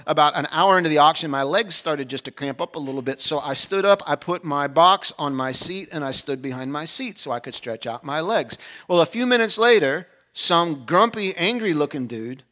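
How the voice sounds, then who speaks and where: A male pastor with a bright, ringing tone that sits slightly high for a man. He preaches with animated storytelling and laughs at his own pride. He surges loud for emphasis, then drops almost to a murmur. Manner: animated, swinging between loud emphasis and hushed asides; self-deprecating humor. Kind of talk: sermon with personal storytelling.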